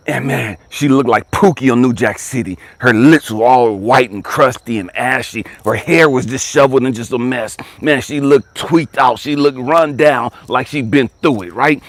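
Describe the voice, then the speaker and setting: A man, a life coach, telling a personal story dramatically, jumping from excited high bursts to hushed, whispery lows and urging listeners to stay with him. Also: moderate pace, no echo. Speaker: life coach and motivational speaker.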